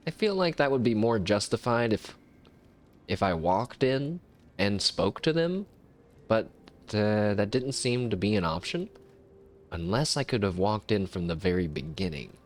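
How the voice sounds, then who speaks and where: A man hosting a let's play, chatting excitably and rambling between game moments. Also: on the low side, a little slow. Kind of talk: casual gameplay commentary.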